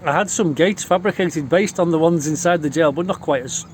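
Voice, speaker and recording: A man's voice: fairly high pitch, a little fast, crowd noise. Swearing Liverpool man spinning yarns. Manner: swears constantly, rowdy and boastful. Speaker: vlogger telling stories. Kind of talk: casual storytelling.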